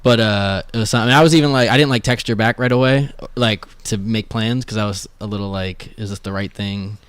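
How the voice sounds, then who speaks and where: A man in his late twenties from Boston talks over his work as a street portrait artist. He speaks in a relaxed way and feels his way through each thought, with plenty of fillers and restarts. His voice is smooth and resonant, and the recording is close and dry, with little room sound. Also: medium pitch, quick pace, no room sound. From Boston, USA. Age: late 20s. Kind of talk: casual conversation.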